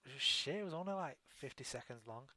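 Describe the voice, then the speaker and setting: A man's voice: mid-range voice, expressive, quick pace, bright, forceful tone, dry recording. Dry-voiced man hosting an online chat show. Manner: rambling, with many restarts. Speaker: talk show host. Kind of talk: casual chat on an internet radio show.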